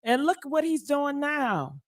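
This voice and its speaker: A woman's voice: sits high, sing-song, measured pace. A woman host, giving emphatic, preachy commentary. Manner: preachy, emphatic, calls people girl. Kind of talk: casual commentary.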